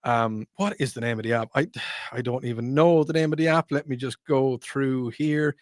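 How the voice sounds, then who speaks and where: Rambling Irish talk radio host. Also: male voice, medium pitch, moderate pace, dry recording, clean studio sound. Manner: rambling, digressive, jokey. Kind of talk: casual talk radio monologue.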